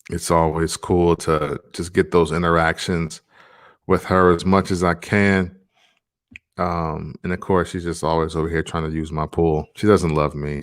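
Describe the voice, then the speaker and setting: A man in his thirties hosting a casual vlog, talking in a laid-back, rambling way with lots of fillers. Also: extremely low pitch. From Tennessee, USA. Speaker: vlog host.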